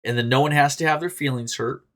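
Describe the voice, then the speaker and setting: Casual male podcast host, mid pitch. Candid and rambling, swears freely, laughs often, swings from loud to quiet. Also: fast. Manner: animated, jumps between loud bursts and quiet asides. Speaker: podcast host reading and answering reader stories.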